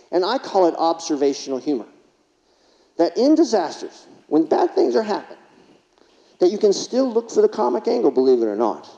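His voice sits high and sounds mellow as he gives a humorous keynote in a conference hall, spinning anecdotes and imitating what patients told him. Expect lo-fi audio and a lingering hall reverb.

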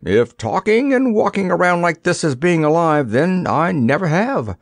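A man's voice: fairly high pitch, very animated, normal speed, creaky, no room sound, studio quality, pitched above the performer's own voice, full character voice. A man doing a naive stuffed dummy king. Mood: musing. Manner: mild, quaint and wondering.

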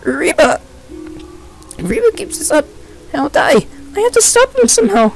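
A man voicing a frightened young man in a fan game dub, yelping and pitched up. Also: very animated, normal speed, creaky, soft background music, heavily acted, rough recording. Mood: panicked.

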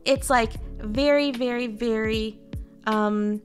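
Candid Canadian woman with a high voice. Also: fairly even intonation, slow, soft background music. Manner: candid, rambling, swears freely. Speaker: VTuber streamer. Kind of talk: casual commentary to viewers.

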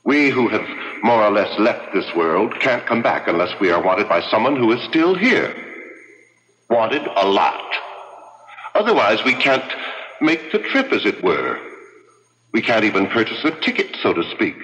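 An actor playing a dry, sardonic ghost husband in an old-time radio drama. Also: male voice, fairly low pitch, very animated, measured pace, a bit bright. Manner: drawling, sardonic. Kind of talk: 1940s radio acting. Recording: muffled radio with hall reverb.

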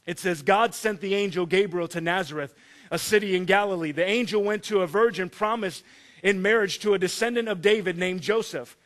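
Man, pastor, sermon, high voice, animated, jokes, acts out scenes. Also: a little fast.

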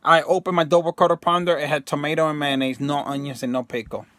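A man's voice: a little high, fairly even intonation, fast, fairly bright tone, no echo. A man talking casually and emphatically to his viewers in a rambling monologue, slipping into slang and acting out quotes. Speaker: self-help video host.

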